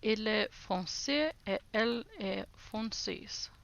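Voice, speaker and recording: Woman, streamer, slow unhurried talk, casual livestream chat, giggly, repeats phrases. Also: medium pitch, creaky, a bit bright, highs cut off. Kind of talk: casual livestream chat while practicing French.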